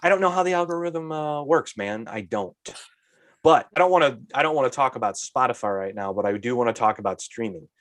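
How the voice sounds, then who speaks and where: A man co-hosting a podcast in casual chat, ranting about a movie with exasperated, animated asides. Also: medium pitch, fairly quick, dry recording. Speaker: podcast co-host.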